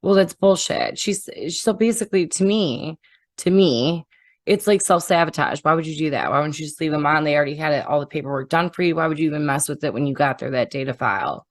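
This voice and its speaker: A woman's voice: low voice, brisk, dry recording. A woman chatting casually on a podcast, bluntly and indignantly retelling a confrontation, with swearing.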